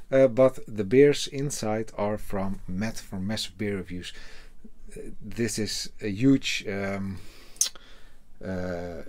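A man with a Dutch accent, a native Dutch speaker, chatting casually in an unboxing video, halting often with fillers and cursing offhand. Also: medium pitch, darkish tone. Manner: hesitant, halting, full of fillers, casually swearing. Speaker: beer reviewer.

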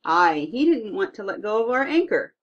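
A woman's voice: medium pitch, very animated, normal speed. Storybook giant sailor lad, homespun talk, read by a woman, muffled. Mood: earnest. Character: huge booming young giant sailor boy. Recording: dull lo-fi recording.

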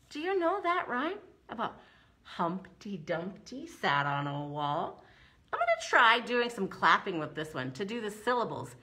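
A woman leading a preschool story time, reciting nursery rhymes slowly and encouragingly in a sing-song way. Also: medium pitch, huge pitch swings, sharp tone. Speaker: children's librarian.

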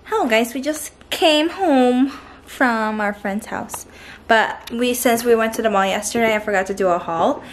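Casting: upbeat young woman vlogger, high-ish voice, chatty, faint room hiss. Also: normal speed. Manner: bubbly and chatty, many fillers. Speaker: lifestyle vlogger. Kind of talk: casual vlog chat to camera.

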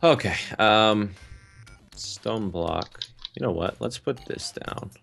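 A man's voice: lowish voice, slow pace, gravelly, a bit bright. A man bantering goofily while giving casual commentary on a game over a voice call. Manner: goofy, jokey banter. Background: game music.

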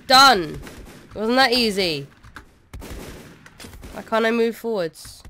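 A young woman playing a game and commenting, excitable and swearing as she shouts orders at her troops. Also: fairly high pitch, drawn-out words, pauses often, slight background noise. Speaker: gaming streamer. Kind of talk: let's play commentary.

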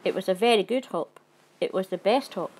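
Gentle, playful woman reading a storybook. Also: medium pitch, a little fast, slightly rough. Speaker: narrator.

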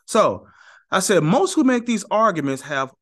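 A man's voice: sits high, big pitch swings, moderate pace, a bit bright. A man giving heated talk-to-camera religious commentary, emphatic and sarcastic, repeating his points and speaking straight to viewers.

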